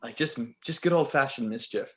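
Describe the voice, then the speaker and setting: A man co-hosting a podcast who tells a story in a casual, animated way and laughs often. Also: mid-range voice, normal speed. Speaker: podcast co-host.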